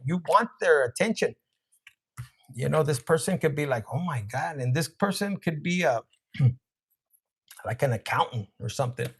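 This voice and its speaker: A man's voice: fairly high pitch, gravelly, a little hiss or hum. A man hosting a live tarot reading in a crude, joking, chatty way, talking to his viewers and dropping in Spanish words. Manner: talks to live chat viewers. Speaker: tarot reader, live-stream host.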